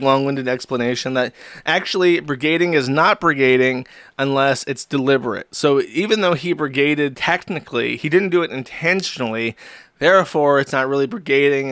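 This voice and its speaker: A man's voice: medium pitch, fairly bright tone, clean tone, no echo. A man hosting a livestream, ranting in crude, scornful commentary and breaking into laughs. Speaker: host.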